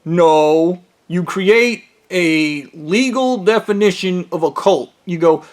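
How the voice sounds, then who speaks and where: Rambling profane man with a high voice. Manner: profane, rambling, rapid tangents. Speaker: storyteller. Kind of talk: rambling personal monologue.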